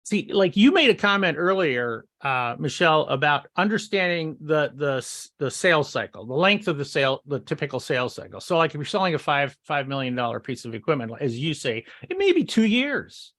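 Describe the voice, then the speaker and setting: A man co-hosts a casual marketing podcast, talking in long winding sentences and cutting into other speakers. His voice sits a bit higher than most men's. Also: big pitch swings, a little fast, hardly any pauses, a bit bright. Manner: rambling, restarts and interrupts. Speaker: podcast co-host. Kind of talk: casual chat.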